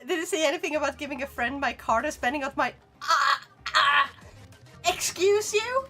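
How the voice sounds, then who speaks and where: A woman's voice: high voice, animated, pushed and bright, soft background music. A young woman with a Swedish accent, chatting playfully with her viewers while streaming a game. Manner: playful, bantering with chat, quick laughs. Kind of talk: casual gaming stream chat.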